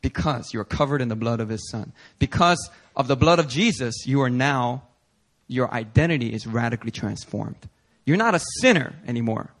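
A man's voice: medium pitch, expressive, normal speed. A male pastor preaching a sermon in an earnest, emphatic way, building intensity through repetition.

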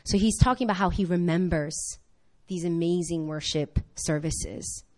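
A woman preaching a sermon to her congregation, impassioned and rising to near-shouts on key points, firing quick questions at the listeners. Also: on the low side.

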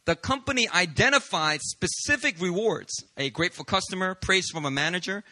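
Pastor guy preaching, pretty high voice, super bright, dry close sound. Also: a little fast, no room sound. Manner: animated, confessional storytelling with humor. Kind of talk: sermon.

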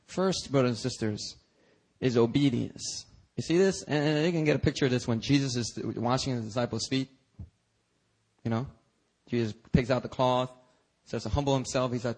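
A male pastor preaching a sermon, acting out dialogue with God and Jesus and jumping into high shouts. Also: normal speed. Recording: preached live in a church.

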